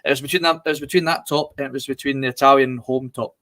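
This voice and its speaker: A Scottish man co-hosting a live podcast, telling anecdotes in a relaxed, chatty way. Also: mid-range voice, quick pace. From Scotland. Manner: anecdotal, laughs while telling stories. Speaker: podcast co-host. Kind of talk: casual live-stream chat. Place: home studio for a live stream.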